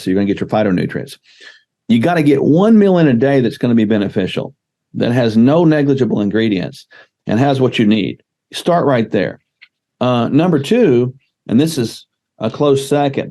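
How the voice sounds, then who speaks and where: Male guest expert, warm low timbre, emphatic coaching delivery. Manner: emphatic, coaching tone with numbered points. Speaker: guest doctor. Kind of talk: casual podcast interview.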